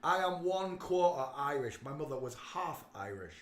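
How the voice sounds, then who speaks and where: A man hosting a casual livestream, talking emphatically and swinging between quiet muttering and loud outbursts. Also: on the high side, animated, moderate pace, reverberant. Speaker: livestream host.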